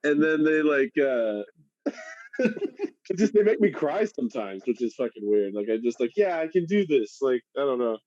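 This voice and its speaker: A man's voice: medium pitch, big pitch swings, normal speed, darkish tone, dry recording. A man co-hosting a podcast, chatting casually, swearing freely and laughing as he retells stories. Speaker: podcast co-host. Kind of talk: casual chat. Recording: muffled, dry.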